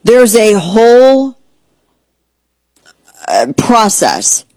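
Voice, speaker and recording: A woman's voice: a little high, wildly swooping pitch, extremely slow, a little mellow, no echo, poor audio. A woman hosting a political talk radio program, speaking in a heated, blunt and sarcastic way. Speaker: radio host.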